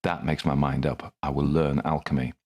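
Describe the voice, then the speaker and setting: A man's voice: rumbling low, flat delivery, normal speed, darkish tone. A man narrating his own first-person story in a dry, wry manner.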